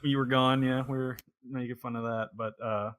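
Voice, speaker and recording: A man's voice: medium pitch, level tone, normal speed, fairly bright tone, smooth. A man hosting a podcast in a casual chat, rambling and thinking aloud as he goes. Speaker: podcast host.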